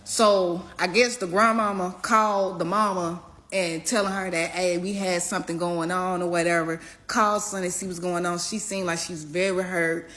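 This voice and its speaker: Animated young woman telling a wild story. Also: moderate pace, hardly any pauses. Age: young adult. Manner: animated, profane, swings from shouting to low mutters. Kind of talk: casual storytime vlog.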